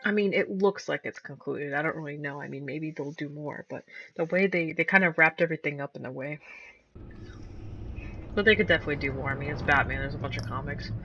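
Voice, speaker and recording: A woman's voice: low voice, brisk, a bit bright, highs cut off, a little hiss or hum. A woman giving casual, rambling commentary on a video game she just finished, hesitating often with fillers. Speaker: gameplay video host.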